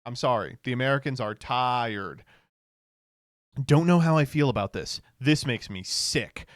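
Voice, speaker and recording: Male streamer, casual commentary, sarcastic and foul-mouthed, smooth voice, dry sound. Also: mid-range voice, a little slow, dry recording. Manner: sarcastic, profane, stammering restarts.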